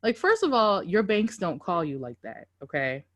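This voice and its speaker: Woman, podcast co-host, slightly low voice, loud, swears a lot, animated storytelling, casual chat. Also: moderate pace, lo-fi sound. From Dallas–Fort Worth area, Texas.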